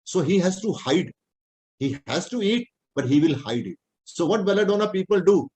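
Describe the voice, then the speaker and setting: Indian man lecturing, slightly high voice. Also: sing-song, moderate pace, a little mellow, a little hiss or hum, low-quality recording. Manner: plain-spoken, repetitive explaining, non-native English phrasing. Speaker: homeopathic doctor teaching.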